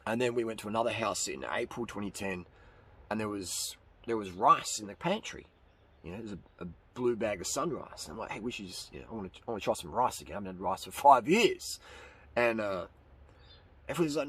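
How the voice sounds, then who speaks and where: A middle-aged man from Australia, hosting his own channel, telling a rambling, animated story with voiced quotes and laughs. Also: mid-range voice, brisk, slightly rough, rough recording. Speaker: channel host answering questions. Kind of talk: casual monologue.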